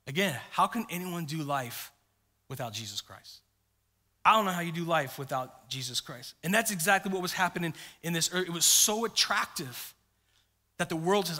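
A man preaching a sermon as pastor, telling a story with lively acted-out quotes. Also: moderate pace. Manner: storytelling, acts out quotes with big pitch jumps. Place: church sanctuary. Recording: long hall reverb.

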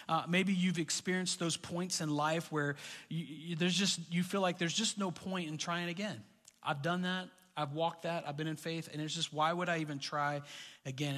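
A middle-aged man preaching a sermon as pastor, telling stories in a conversational way that rises into animated bursts. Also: on the high side. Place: church hall. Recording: reverberant church hall.

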